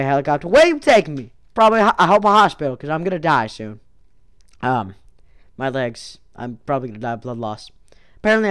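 A woman narrating her own gameplay in a let's play, excitable, with yelps and whoops, and losing her voice. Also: lowish voice, dry recording, studio quality. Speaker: gaming YouTuber.

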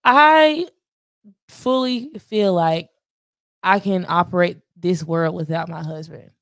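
A woman in her late twenties in casual podcast chat, animated and talkative, often asking "you know what I mean.". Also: fairly low pitch, slow pace, no room sound, studio quality. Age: 20s. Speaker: podcast guest.

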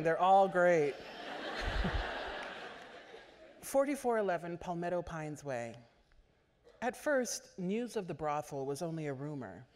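A woman author giving a measured literary reading at a stage microphone in a large auditorium. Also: lowish voice, a little mellow, slight background noise. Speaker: author reading her fiction. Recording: echoey auditorium.

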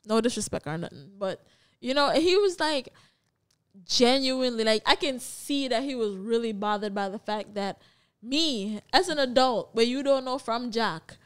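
A woman's voice: a little high, moderate pace, smooth. A young woman from Jamaica with a Jamaican accent, co-hosting a podcast in casual chat and acting out the people in her stories. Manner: animated storytelling, acts out quoted people. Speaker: podcast co-host.

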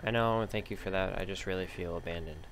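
A man's voice: low-pitched, quick pace, a little hiss or hum. A man reading aloud the chat messages of a sad young woman who texts a friend, in his own everyday voice. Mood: downcast. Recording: loud background music.

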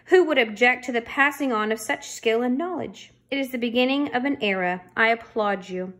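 A woman's voice: fairly high pitch, brisk, a bit bright, natural voice. A woman voicing a pompous older male boss who makes grand, flowery speeches in a storybook reading. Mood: grandiose.

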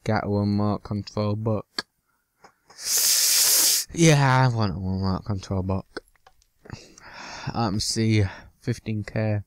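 A man's voice: fairly low pitch, steady tone, slow, pauses often, no echo. Jokey man narrating a block game. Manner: loose and jokey, swears, slips into silly bits. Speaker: gaming channel host. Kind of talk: casual gameplay commentary.

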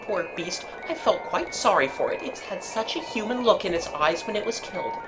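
A brisk, hearty country neighbour woman, as a reader puts her on, chatty and brisk in a storybook reading. Her voice is lively and a little higher than the narration. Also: over music, natural voice.

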